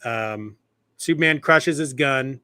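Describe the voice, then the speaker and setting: A man co-hosting a podcast, retelling comic stories in a lively, animated way. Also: medium pitch, slow, dry recording. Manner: animated retelling, acting out quoted lines. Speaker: podcast co-host. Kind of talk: casual chat about comics.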